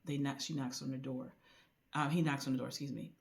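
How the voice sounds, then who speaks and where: A woman talks through a novel's plot in a relaxed, conversational vlog. She keeps it loose and colloquial, and slips into lively voiced lines for the characters. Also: extremely low pitch, a little fast, vocal fry. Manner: chatty, animated retelling with voiced quotes; colloquial with frequent "like" and "you know". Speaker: book reviewer. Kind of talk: casual book recommendation vlog.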